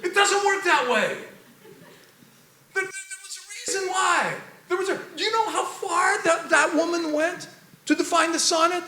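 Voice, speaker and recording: A man giving an animated, rambling talk about poetry, laughing often as he goes. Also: extremely high pitch, normal speed, reverberant, a little hiss or hum.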